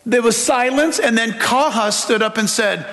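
A man preaching a sermon as pastor, telling a story with humor and animated delivery, rising to shouts. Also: very high voice, normal speed. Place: church sanctuary. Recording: long reverb of a large hall.

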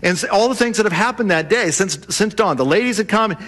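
A man preaching a sermon, telling the story in a lively way and acting out the voices of the people in it. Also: high voice, a little fast. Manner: animated storytelling, acts out voices of the disciples. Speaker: pastor.

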